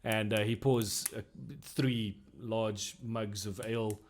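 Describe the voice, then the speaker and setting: A man's voice: fairly low pitch, little pitch movement, slow. A man narrating as game master in a tabletop role-playing game, casual.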